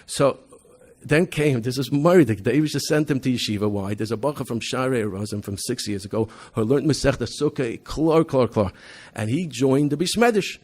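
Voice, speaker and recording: A man, a rabbi giving a convention talk, animated storytelling with frequent restarts and loudly acted-out quotes. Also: mid-range voice, normal speed. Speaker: rabbi presenting an educational program. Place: convention hall.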